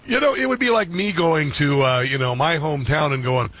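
A man's voice: on the high side, brisk, breathy edge. A man hosting a talk radio show, chatting casually, laughing often and mocking the topic. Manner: laughs a lot, excitable and mocking. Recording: slightly muffled radio audio.

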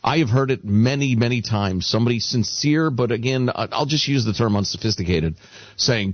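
A man co-hosting a radio talk show, sardonic and expressive, also reading ads. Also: medium pitch, fairly quick, no echo, highs cut off.

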